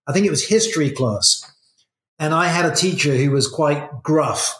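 A man's voice: fairly high pitch, animated, normal speed, a bit bright. A middle-aged man, a guest in an interview, telling stories in a reflective way. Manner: reflective, storytelling. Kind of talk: casual interview chat. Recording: echoey room.

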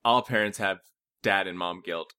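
A man's voice: low voice, normal speed, bright, forceful tone, smooth. A man co-hosting a podcast in casual chat, tossing in dry, teasing quips. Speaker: podcast co-host.

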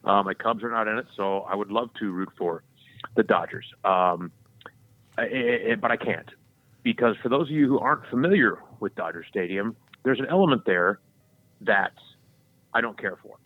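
A man with a voice on the low side co-hosts a casual podcast, telling sports stories loosely and profanely while acting out the voices of the people he quotes. He speaks at normal speed. The recording is dry and tinny, like a phone, with no room sound.

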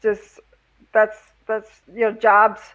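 A woman in casual conversation, agreeing and speaking in a halting way. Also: medium pitch, monotone. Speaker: conversation partner. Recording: dull, lo-fi sound.

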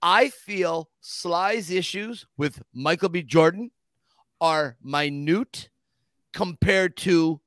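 A man with a high, bright-pitched voice hosts a casual podcast, spinning stories with eager emphasis. The sound is close and dry, with no room around it. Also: takes it slowly, dry recording. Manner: animated storyteller, eager and emphatic. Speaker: podcast host.

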